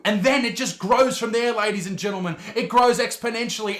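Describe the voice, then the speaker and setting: A man with an Australian accent, a comedian hosting his own channel, delivering a profane, animated rant. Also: high voice, fairly quick, hardly any pauses, echoey room. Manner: loud, profane, animated ranting. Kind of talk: ranting reaction vlog.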